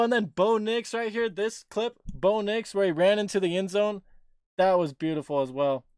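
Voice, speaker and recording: A young man hosting a casual livestream, rambling excitedly about a game he just watched and swearing casually. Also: high-pitched, clean tone, no room sound, clean studio sound. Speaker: livestream host and sports fan.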